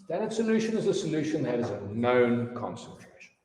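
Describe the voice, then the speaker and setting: Male teacher in his fifties, mid-pitched, chatty lesson in a reverberant classroom. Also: big pitch swings, a little fast, a little mellow, slight background noise. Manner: chatty, storytelling asides. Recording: echoey room with long reverb.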